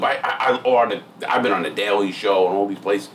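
Blunt, profane podcast host. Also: male voice, lowish voice, a little fast, a bit bright, a little hiss or hum. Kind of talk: casual interview chat.

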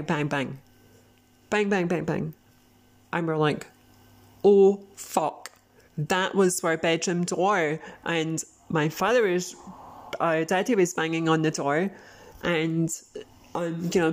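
A woman tells a story in a loose, rambling way, full of fillers and quick laughs. Her voice sits a little low and has a gravelly, creaky edge. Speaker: podcast host. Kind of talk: casual spoken storytelling.

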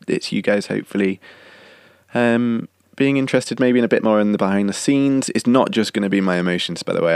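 A man's voice: low voice, vocal fry, no room sound. Man, young adult, slight cough, rambling podcast chat, dry close sound. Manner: rambling, self-correcting, chatty. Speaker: podcast host and singer-songwriter. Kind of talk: casual chatty monologue.

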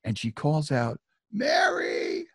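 A middle-aged man tells a personal story with a low, gravelly voice and a very husky, rough texture. The sound is dry and close. His manner is chatty and self-deprecating, with frequent asides. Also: animated, measured pace, a little mellow, no echo. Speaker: author and storyteller.

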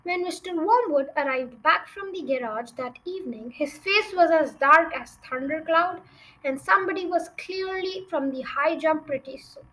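Bright-voiced young woman reading a story. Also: extremely high pitch, rough recording. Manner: chatty asides to listeners. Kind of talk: reading a children's novel aloud.

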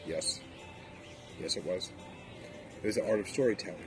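A man's voice: lowish voice, moderate pace, music in the background. A man in casual chat, emphatic and opinionated, swearing freely. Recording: background noise.

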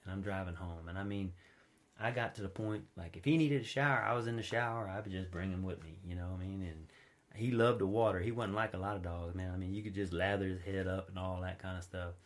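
Man preaching in casual storytelling style. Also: fast. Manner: informal storytelling, wide swings in pitch and loudness, drops low and quiet for stories. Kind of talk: conversational sermon.

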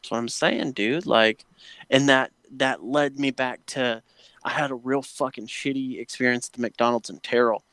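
A man's voice: mid-range voice, fairly even intonation, normal speed, a bit bright, no room sound. A man, chatting casually and telling long, profane stories as he rants about everyday annoyances. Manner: profane, ranting storyteller. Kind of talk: casual chat. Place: home patio.

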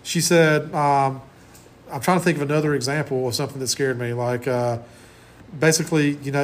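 A man's voice: mid-range voice, fairly even intonation, brisk, a little hiss or hum. A man in his forties giving a conversational classroom lecture as college instructor, often restarting his sentences. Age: 40s.

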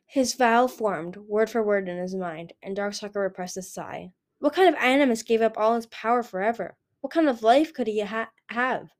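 A woman's voice: fairly high pitch, moderate pace, few pauses. A woman narrating a fantasy novel chapter as a fan audiobook, reading steadily and often correcting herself. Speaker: audiobook reader.

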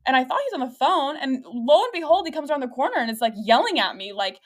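A young adult woman hosting a podcast, telling a story in a lively, rambling way with lots of fillers and frequent laughter. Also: high-pitched, quick pace, few pauses. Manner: laughs often while talking. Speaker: podcast host. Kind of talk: casual podcast chat.

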